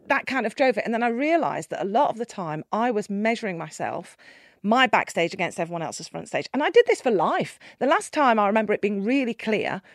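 A middle-aged woman, a guest, telling her life story candidly and emphatically, swinging between quiet and loud. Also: mid-range voice, very animated, fairly quick, dry recording, studio quality. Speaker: guest, keynote speaker. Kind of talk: candid personal storytelling in conversation.

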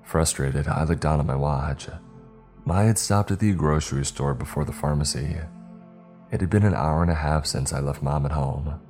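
A man narrating a horror story in a measured, steady way. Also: extremely low pitch, soft background music.

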